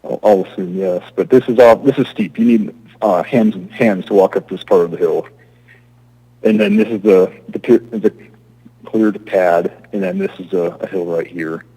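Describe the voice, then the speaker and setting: Husky-voiced man presenting his case. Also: deep voice, mellow, rough recording. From Alaska. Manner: halting, restarts often. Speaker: applicant. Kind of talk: public testimony at a zoning hearing.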